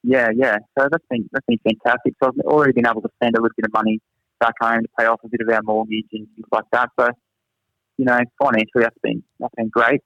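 Quick-paced and fairly bright, the young teacher's mid-range voice holds a steady tone. He's a guest chatting casually, rambling through funny anecdotes and laughing at himself. The recording is dry, with a slightly dull lo-fi character.

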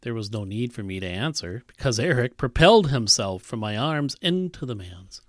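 A male pastor preaching, reading a story aloud and voicing its characters, earnest and dropping to a soft hush at tender moments. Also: animated, moderate pace, no echo, clean studio sound. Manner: reads a story aloud, voicing characters with big pitch jumps. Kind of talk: sermon with read-aloud story.

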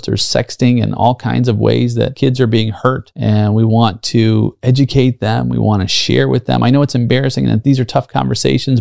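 A gravelly man in his fifties hosts a solo podcast and speaks earnestly, drawing on personal stories and asking his listeners rhetorical questions. His pitch sits in a middle range, and the recording is dry and close. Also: darkish tone, dry recording. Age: 50s. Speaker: podcast host. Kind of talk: solo leadership podcast monologue.

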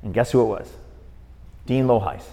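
Man, middle-aged, boxing referee, lively storyteller, mid-range voice, long echo around him. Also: mid-range voice, moderate pace. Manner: lively storyteller who acts out the people he quotes. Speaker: boxing referee, podcast guest. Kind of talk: storytelling in an interview.

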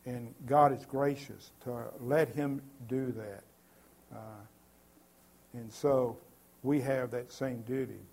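A man's voice: medium pitch, fairly even intonation, slow pace, darkish tone. A man preaching a sermon earnestly, with many filler sounds and repeated words.

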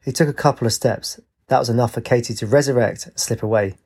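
A man narrating a story aloud at a steady, even pace. His tone is mellow and warm, without sharp edges. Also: mid-range voice, fast. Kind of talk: storytelling reading.

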